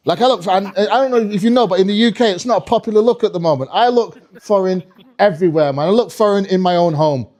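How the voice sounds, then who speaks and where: High-voiced rambling stand-up comedian. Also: male voice, quick pace, darkish tone. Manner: rambling, swearing, crowd-addressing. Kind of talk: live stand-up routine. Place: comedy club stage.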